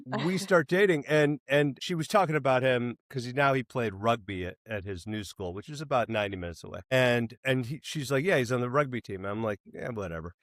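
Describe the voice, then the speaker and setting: A man telling a long comic story in a casual interview, animated and acting out the people he quotes, with some swearing. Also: mid-range voice, a little fast, few pauses, dry recording, clean studio sound. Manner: animated, acts out quoted voices, swears freely. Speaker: filmmaker telling stories.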